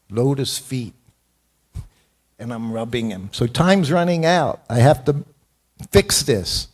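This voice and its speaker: A man's voice: on the high side, darkish tone. Older man telling stories with chuckles. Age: 70s. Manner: anecdotal, self-deprecating, chuckles often. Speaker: devotee speaker giving a morning class. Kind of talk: storytelling temple class. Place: temple hall.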